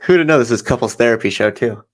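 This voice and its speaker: A man's voice: mid-range voice, quick pace. A man co-hosting a call-in podcast, dropping wry side comments. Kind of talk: casual call-in show banter.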